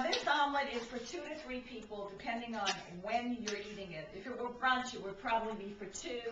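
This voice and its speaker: Middle-aged brooklyn woman doing a cooking demo at home, kinda high voice, chatty, lots of "okay?", echoey camcorder sound from a few feet off. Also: fairly bright tone, a little hiss or hum. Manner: chatty, keeps checking in with "okay?". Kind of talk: casual cooking demonstration. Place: home kitchen. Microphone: camcorder mic from a distance. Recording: echoey, distant, slightly dull camcorder audio.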